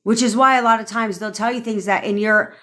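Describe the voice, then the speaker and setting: A woman's voice: a little high, fairly even intonation, a little fast, fairly bright tone. A woman manifestation coach giving blunt, rambling advice on a live stream, swearing freely as she reads and answers viewer comments.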